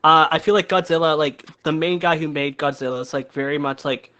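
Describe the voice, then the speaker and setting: A man's voice: on the high side, brisk, sharp tone, smooth. A man co-hosting a podcast, chatting casually and agreeing often. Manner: chatty, agreeable, frequent yeahs. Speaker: podcast co-host. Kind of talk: casual chat.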